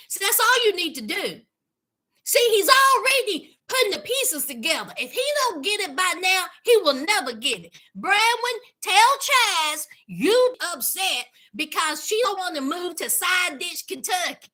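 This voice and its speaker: Play her as a sassy woman recapping a show, with a very high, sharply bright voice that swoops up and down. Keep her unhurried, dramatic and gossipy, leaning on every aside to her listeners. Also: big pitch swings. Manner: sassy, dramatic, calls listeners honey and child. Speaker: YouTube reality-TV recapper. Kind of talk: casual commentary recap.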